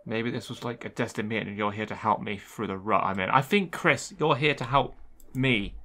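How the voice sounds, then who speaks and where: A man's voice: fairly low pitch, fairly quick, sharp tone, a little hiss or hum. A man streaming a game, joking and reading the on-screen text aloud with sarcastic asides. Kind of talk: game commentary.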